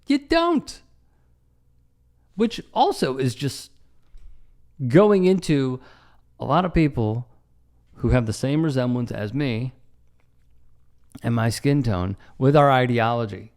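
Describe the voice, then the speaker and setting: A man's voice: mid-range voice, a little mellow. A man hosting online news commentary, emphatic and sarcastic, with an indignant edge. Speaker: commentary host.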